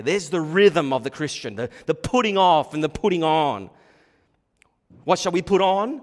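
A middle-aged man preaching a sermon as pastor, shifting between quiet asides and emphatic points. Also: fairly high pitch, animated, normal speed. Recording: long hall reverb.

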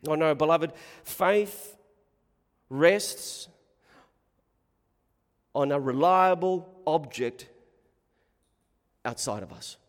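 A man preaching a sermon in short, deliberate phrases with long pauses. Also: on the high side, in a large hall.

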